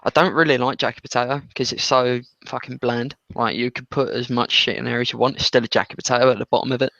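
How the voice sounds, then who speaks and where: A man's voice: medium pitch, steady tone, quick pace, creaky, pushed and bright, dry recording. Young English guy, rambling sweary chat, dead dry, slightly muffled mic. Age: young adult. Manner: sweary, rambling, laughs often. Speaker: podcast co-host. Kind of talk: casual chat.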